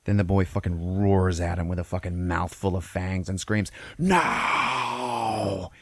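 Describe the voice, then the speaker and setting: A man's voice: sits low, flat delivery, normal speed, warm tone, dry recording. A man hosting a podcast, recapping a film in a casual, profane way and checking in with "okay?" after nearly every beat. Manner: profane, peppers lines with "okay?". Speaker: podcast host.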